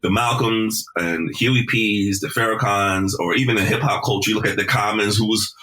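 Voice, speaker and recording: A man guesting on a podcast, telling stories in a casual, animated, profane way and repeating words as he starts his sentences. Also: on the low side, moderate pace. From South Carolina. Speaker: podcast guest, deejay and emcee. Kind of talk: casual conversational storytelling.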